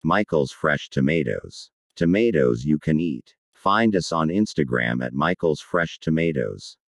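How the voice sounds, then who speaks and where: A brooding, creepy male ad announcer, put on by a performer for a spoof commercial. The voice sits extremely deep with a gravelly edge, and the intonation rises and falls with drama. It is recorded dry and close. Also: animated, no room sound, exaggerated voice. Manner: slow, brooding, creepy delivery.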